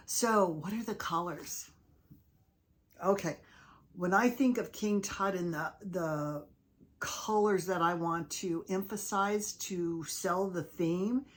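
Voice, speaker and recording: Chatty craft-vlogging woman, low voice. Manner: enthusiastic, chatty, gushing over her crafts. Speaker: craft video host. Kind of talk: casual crafting vlog.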